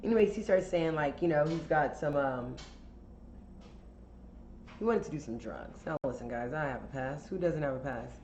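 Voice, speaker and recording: A woman with a low voice spins a casual storytime for a podcast. She talks in a chatty, candid way, full of fillers and swearing. The sound is roomy and a bit dull, with faint hiss behind her. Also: moderate pace, long pauses, dark tone. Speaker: podcast host telling a story.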